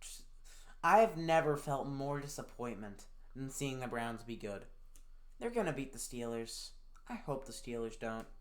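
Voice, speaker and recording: A man's voice: medium pitch, lively intonation, normal speed. A man giving casual sports predictions in a profane, sarcastic rant, swinging from fired-up outbursts to glum muttering. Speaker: NFL picks YouTuber.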